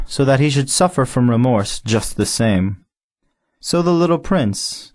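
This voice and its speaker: Male narrator for an audiobook, measured delivery, mid-pitched voice with a lively, wide-ranging melody. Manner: measured, expressive storytelling.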